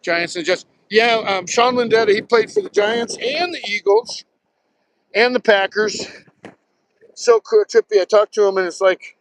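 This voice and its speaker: On a live stream from his phone as he walks along a beach, a retired Marine pilot in his sixties from Southern New Jersey rambles through stories with casual swearing. He speaks at normal speed in a voice fairly high for a man, and the audio is poor.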